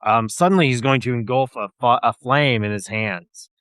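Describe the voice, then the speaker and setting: A man's voice: medium pitch, moderate pace, a bit bright, clear, resonant tone, no room sound, studio quality. A man narrating as game master of a tabletop game, rambling with many fillers.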